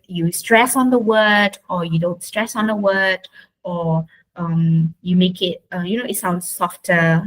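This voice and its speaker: A woman's voice: medium pitch, fairly bright tone, low-quality recording. A woman leading an online speaking workshop, often checking in with "right?" and restarting her phrases. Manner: checks in often with tag questions; frequent restarts and fillers. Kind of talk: online teaching talk.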